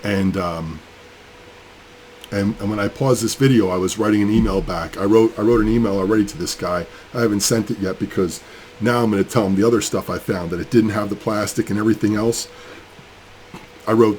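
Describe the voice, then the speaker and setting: A low-voiced man rants angrily in a casual vlog, rambling as he works. He sounds sick with a cold. A faint hiss of room noise sits behind him. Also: brisk, a little mellow. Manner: angry, fired up, rambling. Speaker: crypto mining channel host. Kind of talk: casual building vlog rant.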